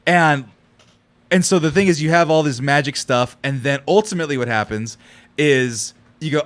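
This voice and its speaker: A man co-hosting a podcast, telling stories in casual chat with lively swearing. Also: on the high side, normal speed. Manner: animated storytelling with swearing. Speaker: podcast co-host.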